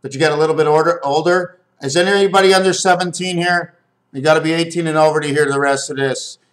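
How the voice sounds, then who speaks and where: A man rambling through numbers and wordplay as he explains a drawing, swinging between loud bursts and quiet mumbling. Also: on the high side, fairly even intonation, fast talker. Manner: meandering, wordplay, counting aloud, shifts from loud to quiet. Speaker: video maker.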